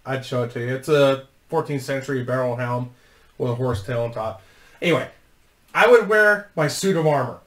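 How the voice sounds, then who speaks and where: A man's voice: mid-range voice, normal speed, a bit bright, reverberant. A man hosting his own channel, telling a casual story to camera in a rambling, profane way and laughing through it. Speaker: YouTube host.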